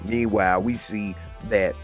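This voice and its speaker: A man's voice: fairly low pitch, a little slow, soft background music. A man giving a casual, slangy recap of a TV episode and quoting the characters as he goes. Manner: slangy, lively retelling with quoted lines. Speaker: TV recap reviewer.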